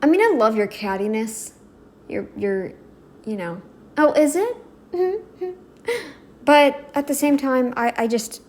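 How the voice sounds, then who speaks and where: A woman's voice: sits high, animated, takes it slowly, a little mellow. A woman hosting a reaction video, talking back at the screen with indignant, emphatic commentary.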